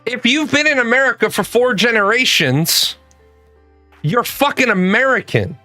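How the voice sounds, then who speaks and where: A man's voice: extremely high pitch, lively intonation, normal speed, pushed and bright, dry recording, faint music behind. A man giving heated, profane reaction commentary, ranting emphatically.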